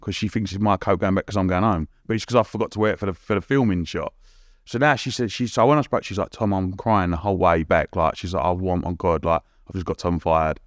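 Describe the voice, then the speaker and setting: A man telling a lively story as a podcast guest, full of restarts and acted-out quotes. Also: low voice, no room sound, clean studio sound. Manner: rapid, animated, lots of restarts and acted-out quotes. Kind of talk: casual storytelling.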